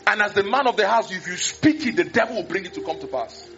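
A male pastor, preaching a sermon in an animated way, acting out scenes and exclaiming. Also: high voice, quick pace. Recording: dull lo-fi recording.

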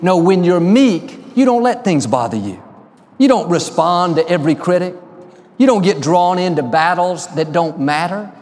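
A man preaching a sermon, telling stories and slowing down to stress key lines. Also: sits high, animated, a little mellow, big-room sound. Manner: storytelling, slows for emphasis. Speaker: pastor.

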